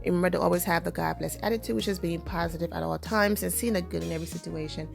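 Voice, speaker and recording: A woman's voice: lowish voice, fairly even intonation, quick pace, gravelly, soft background music. A woman hosting an entertainment news vlog, reading celebrity news and then chatting casually with upbeat sign-offs.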